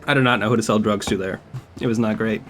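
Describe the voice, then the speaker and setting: A man's voice: lowish voice, fairly even intonation, quick pace, fairly bright tone, faint music behind. A man streaming a video game, talking casually with wry, profane remarks. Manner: profane, wry and laid-back. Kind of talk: casual gameplay commentary.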